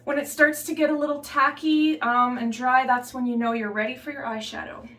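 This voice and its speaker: A woman chatting casually through a makeup tutorial in a relaxed, offhand way, slipping into a put-on Southern belle accent. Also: sits high, fairly quick, roomy sound, far from the mic, a little hiss or hum. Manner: relaxed, chatty, trailing off and restarting while applying makeup. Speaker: beauty vlogger.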